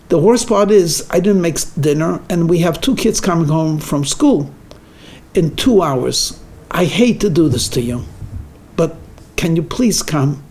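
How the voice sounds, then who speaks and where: A whiny, exasperated grown daughter, as a male rabbi puts her on, her voice climbing high and swinging wildly as she pleads for help. She sounds worn out and anxious. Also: darkish tone. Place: synagogue lecture room.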